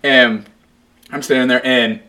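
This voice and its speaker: A man's voice: medium pitch, fairly even intonation, unhurried, bright, forceful tone. A young man in casual podcast chat, telling a story animatedly, laughing often and swearing freely. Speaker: podcast co-host.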